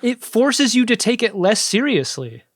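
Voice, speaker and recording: Podcast co-host, man, high voice, dry close sound, chatty, laughs a lot. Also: moderate pace, dry recording. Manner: chatty, animated, laughs often. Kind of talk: casual chat.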